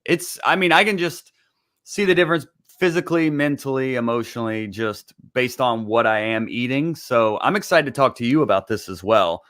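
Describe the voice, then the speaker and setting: A man's voice: medium pitch, normal speed, fairly bright tone. A man in his thirties from Georgia with a mild Southern accent, a comedian guest chatting casually in a joking, then earnest way. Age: 30s. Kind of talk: casual interview chat.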